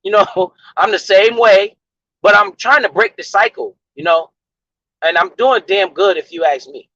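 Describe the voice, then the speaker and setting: A man talks in a high, sharp voice, ranting to his stream with profanity and a preachy emphasis. The sound is dull and lo-fi, recorded dry and close with no room around it. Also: moderate pace, no room sound. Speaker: livestream host. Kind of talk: casual livestream rant about money.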